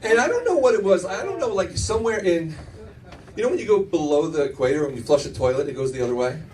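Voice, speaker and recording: A middle-aged man doing a club stand-up set speaks quickly in a high-pitched voice, telling animated stories he keeps restarting, with laughter behind him. The recording is rough and the mic is distant.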